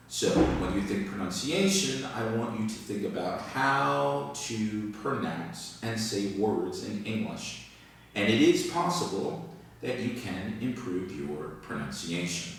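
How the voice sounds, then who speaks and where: A man teaching English in a video lesson, explaining slowly and deliberately and repeating key words. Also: lowish voice, a bit bright. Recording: echoey room, distant from the mic.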